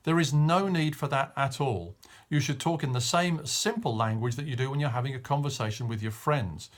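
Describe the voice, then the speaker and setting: A middle-aged man delivers a short spoken coaching tip in a mid-range voice. He speaks in a clear, measured way and stresses the key words as he explains each point. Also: mid-range voice. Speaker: media coach.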